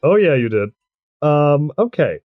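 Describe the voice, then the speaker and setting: A man's voice: a little high, big pitch swings, measured pace, no room sound, phone-quality sound, soft background music. A man narrating as game master of a tabletop game, hesitant and often restarting, with laughs.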